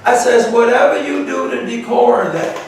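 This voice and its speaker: A man who is a pastor, leading a Bible study and retelling conversations in a folksy, animated way. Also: very high-pitched, normal speed, creaky, slight background noise. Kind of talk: Bible study talk with storytelling. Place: church room. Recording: echoey room, distant mic.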